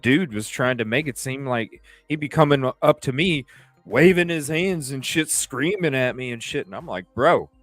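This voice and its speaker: A man hosting a livestream, telling stories in a rambling, profane, animated way. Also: medium pitch, normal speed, no echo, faint music behind. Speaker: livestream host. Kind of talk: casual livestream talk.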